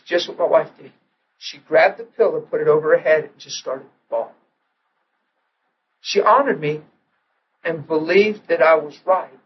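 A male preacher tells a personal story in the middle of a sermon, acting out the quotes and sinking to a soft hush when the story turns tender. His voice sits fairly high for a man. The recording is dull and lo-fi, with faint ambience behind him. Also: a little hiss or hum. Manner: animated storyteller who acts out quotes and drops to a hush in tender moments.

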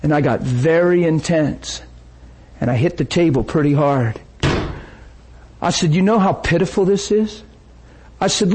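An older man preaching a sermon, telling stories and acting out what people said, with an animated manner and frequent laughter. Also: on the high side, measured pace, slight background noise. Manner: animated, acts out quoted voices, laughs often. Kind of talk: sermon storytelling.

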